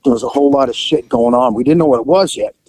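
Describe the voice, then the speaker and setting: A man, a former police officer, telling a profane anecdote in an animated, casual way. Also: mid-range voice, quick pace, slightly rough, dry recording, rough recording. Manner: animated, profane, laughing at own story.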